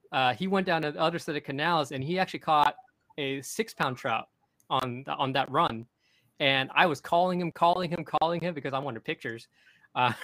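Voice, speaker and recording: A young man hosts a casual podcast, his voice bright and forceful and sitting a little high. He tells his story in an excited, rambling way, often restarting his sentences. The sound is dry and close. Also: no room sound, low-quality recording. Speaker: podcast host.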